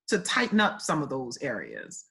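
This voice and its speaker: A woman's voice: a bass voice, huge pitch swings, normal speed, vocal fry, fairly bright tone, slightly rough. A woman hosting an interview, asking questions with frequent restarts and summing up her guest's answers. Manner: repeats and restarts, summarizes what guest said. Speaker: interviewer, host. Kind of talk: casual interview conversation.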